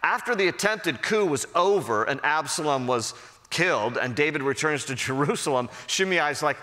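A man, a pastor, giving a verse-by-verse Bible teaching in a conversational, animated storytelling manner. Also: a little high, normal speed. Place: church sanctuary. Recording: long hall reverb.

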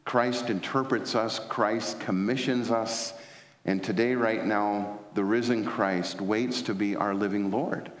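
A man's voice: fairly low pitch, steady tone, takes it slowly. A man preaching a sermon as pastor, telling stories with frequent fillers and restarts. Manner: storytelling, many fillers and restarts. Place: large church sanctuary. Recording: echoey church hall.

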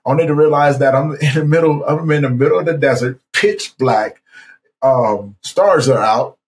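A man's voice: medium pitch, moderate pace. A man in his forties, a podcast guest, earnestly telling his own story in conversation, stressing points by repeating himself.

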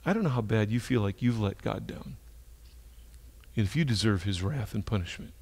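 A male pastor preaching a sermon and retelling a story, moving between hushed, slow passages and emphatic ones. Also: on the low side, lively intonation, gravelly, breathy edge.

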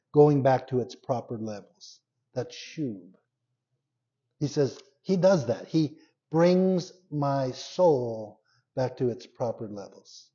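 A male pastor preaching a sermon, dropping to soft, intense lows and rising to loud, emphatic peaks. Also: dull audio.

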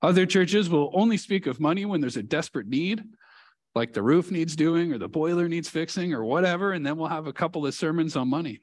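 Earnest, fairly high-voiced male preacher. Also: brisk. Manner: earnest storytelling preacher with lively emphasis. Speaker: pastor. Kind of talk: sermon. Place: church sanctuary.

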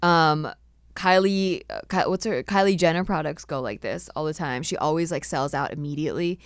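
A woman's voice: low-pitched, moderate pace, no room sound, studio quality. A young adult woman hosting a casual podcast chat, explaining list items and laughing easily. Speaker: podcast host.

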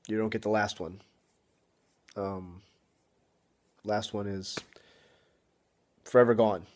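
A young man talking straight to camera in a casual vlog, frustrated and apologetic, halting with many ums and restarts. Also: lowish voice, little pitch movement, slight background noise. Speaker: vlogger.

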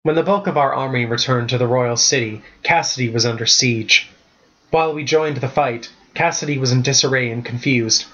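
A man's voice: mid-range voice, moderate pace, a bit bright, muffled recording. Man reading his own storybook aloud. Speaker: author reading his novel. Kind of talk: storybook narration.

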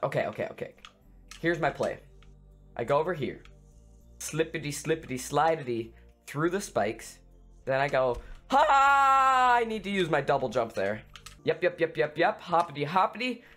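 A man giving excitable let's play commentary on a video game, screaming and making silly sound effects. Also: fairly high pitch, normal speed, faint music behind. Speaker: gaming YouTuber.

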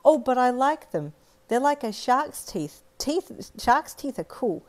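An Australian woman voicing a bossy, cheerful four-year-old girl in an audio story, high and loud. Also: animated, normal speed, natural voice. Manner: high-pitched, loud and proud.

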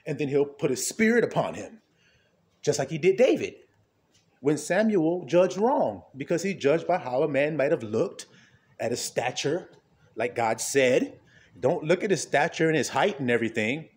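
A man preaching an informal sermon in a conversational way, asking rhetorical questions and often laughing, swinging between low murmurs and high exclamations. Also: very animated, normal speed.

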